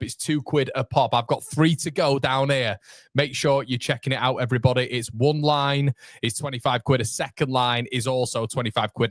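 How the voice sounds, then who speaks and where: Chatty football fan host. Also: male voice, mid-range voice, no echo. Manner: chatty, excitable, talks straight to viewers. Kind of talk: live match watchalong commentary.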